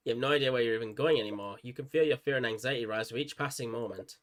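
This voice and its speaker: A man playing through a story game, reading the text aloud and cracking excited jokes about it. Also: medium pitch, racing, few pauses, slight background noise. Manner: excitable, jokey, laughs at the story. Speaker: gaming YouTuber. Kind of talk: let's play commentary and reading aloud. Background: game music.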